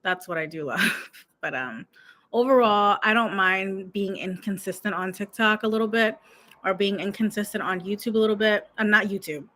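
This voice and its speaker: A woman's voice: mid-range voice, normal speed, a bit bright. A young woman from the United States, a YouTube coach, chatting in a rambling, giggly vlog style full of "like" fillers. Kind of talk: casual talking-head vlog.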